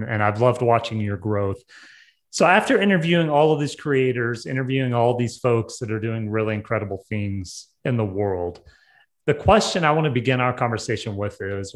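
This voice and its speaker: A man with a Southern American accent hosts a casual podcast interview. He talks in an upbeat, chatty way, and his sentences wander with frequent ums and uhs. His pitch sits in the middle of the male range. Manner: upbeat, chatty, many fillers. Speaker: podcast host.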